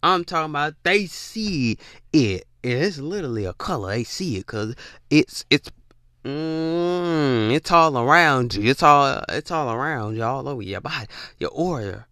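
A man talking casually about spiritual matters in a preachy, animated way, drawling and repeating himself. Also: medium pitch, normal speed, dry recording, clean studio sound. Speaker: podcast host.

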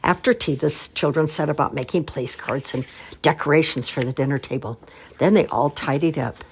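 An older woman reading a children's storybook aloud, warm and expressive. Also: sits low, fairly quick, slight background noise.

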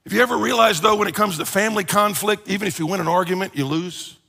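A man preaching a conversational sermon as pastor, animated and joking, acting out everyday complaints. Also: high voice, quick pace, vocal fry, breathy edge, long reverb tail.

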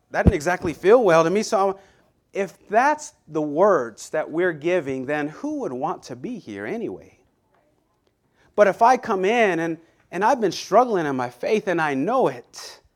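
A man preaching a Sunday sermon in an earnest, conversational way, with frequent restarts and slow, deliberate scripture reading. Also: a little high. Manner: reads scripture aloud slowly and deliberately.

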